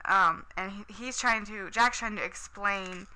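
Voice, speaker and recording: A woman's voice: medium pitch, a little slow, pushed and bright, clear, resonant tone, low-quality recording. A woman casually recapping a TV episode, chatty and enthusiastic, with lots of "um" and "like".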